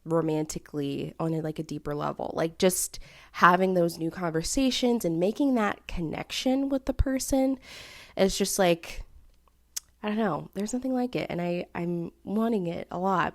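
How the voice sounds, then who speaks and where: A young woman in her twenties hosting a casual solo podcast, chatty and full of fillers, often laughing and jumping into high playful asides. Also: moderate pace. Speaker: podcast host.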